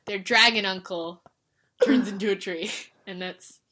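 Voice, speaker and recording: A woman's voice: medium pitch, a little slow. A woman co-hosting a podcast, chatting casually and telling stories with lots of laughter. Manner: animated storytelling, acts out characters with laughs. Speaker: podcast co-host. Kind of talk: casual chat.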